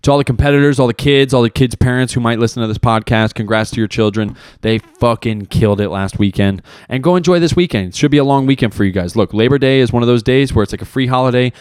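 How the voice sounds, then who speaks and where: A man's voice: medium pitch, quick pace, few pauses, a little mellow, clear, resonant tone, no room sound, clean studio sound. Profane, rambling young man podcasting solo. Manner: profane, rambling and self-mocking. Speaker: podcast host. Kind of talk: casual solo podcast monologue.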